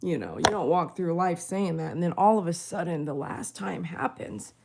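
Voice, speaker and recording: A woman's voice: lowish voice, expressive, moderate pace, creaky, noisy background. A middle-aged woman at home, talking tenderly and emotionally about her dogs in a casual vlog. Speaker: dog groomer and rescuer. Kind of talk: casual vlog talk to camera.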